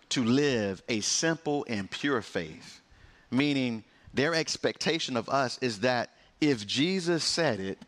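A man pastor delivering a sermon, preaching with passion and sharp swings in pitch and pace.

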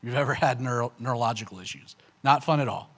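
A man telling a personal faith testimony to an audience, in a casual, conversational way with lots of "you know" and "man", getting animated at the emotional peaks. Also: quick pace. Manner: animated, rising sharply in pitch on emotional punchlines. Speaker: speaker giving a personal testimony.

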